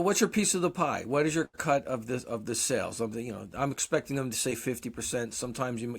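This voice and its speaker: Man, forties, casual podcast storyteller, curses a lot, pokes fun at himself. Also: mid-range voice. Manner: profane, self-deprecating storyteller. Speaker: podcast co-host.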